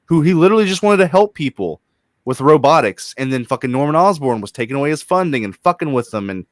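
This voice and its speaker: A man's voice: on the high side, expressive, quick pace, dry recording. A man co-hosting a casual gaming stream, swearing freely and retelling story scenes with passion.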